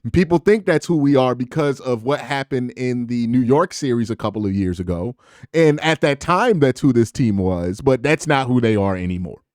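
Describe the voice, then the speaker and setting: A man giving an excited, slangy reaction to a basketball game, with animated emphasis and sound effects. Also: medium pitch, normal speed, no echo, studio quality. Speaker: sports commentator vlogger. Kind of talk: excited casual sports reaction.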